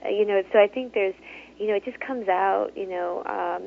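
A woman's voice: mid-range voice, normal speed, vocal fry, slight background noise. Author guest woman laughing on a phone line. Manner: chatty, laughs often, many fillers. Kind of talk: casual interview talk.

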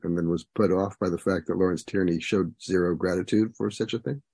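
Low husky guy interviewing someone, dark mellow tone, dry close sound. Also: a little fast, no room sound. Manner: asks long, winding questions. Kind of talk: interview conversation.

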